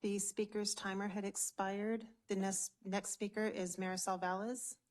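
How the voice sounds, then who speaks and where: A woman at a council meeting briskly calling the next public speakers. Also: mid-range voice, flat delivery. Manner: brisk, procedural. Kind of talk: formal meeting procedure.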